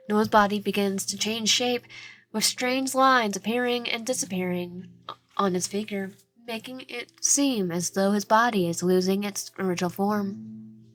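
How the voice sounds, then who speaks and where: A woman's voice: medium pitch, a bit bright. A woman reading a dating game's narration aloud with casual asides, often stumbling and correcting herself. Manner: stumbling, frequent self-corrections.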